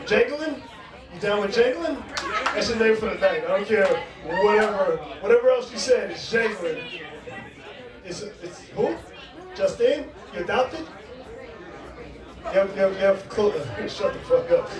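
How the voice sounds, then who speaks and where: A man's voice: high-pitched, distant mic. A middle-aged man hosting a stand-up show, doing brash, profane crowd work and teasing the audience. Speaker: comedy show host. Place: large comedy club, live audience. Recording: echoey club room, crowd noise.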